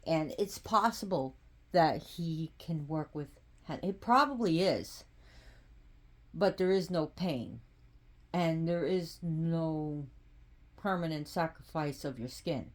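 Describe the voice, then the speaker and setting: A woman talks through spiritual cards in a relaxed, casual vlog. She speaks slowly and haltingly, restarting her phrases often. Her voice sits on the lower side for a woman. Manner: unhurried and halting, with frequent restarts. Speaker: spiritual practitioner presenting oracle cards.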